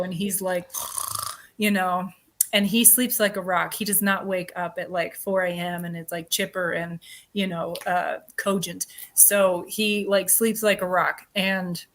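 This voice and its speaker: A woman speaking as an interview guest, telling a story in a chatty, animated way with lots of filler words. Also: medium pitch. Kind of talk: casual interview chat.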